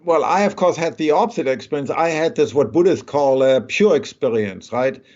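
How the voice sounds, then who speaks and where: Man, rather high voice. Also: expressive, moderate pace, a little mellow. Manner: thoughtful, explains with many rhetorical "right?". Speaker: neuroscientist guest. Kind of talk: conversational interview. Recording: dull lo-fi sound.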